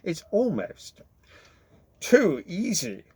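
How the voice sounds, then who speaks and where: A man voicing a crafty, greedy male wolf in a storybook reading, slow and purring. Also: sits high, huge pitch swings, darkish tone, husky, no echo, voice pushed up, heavily acted. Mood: gleeful.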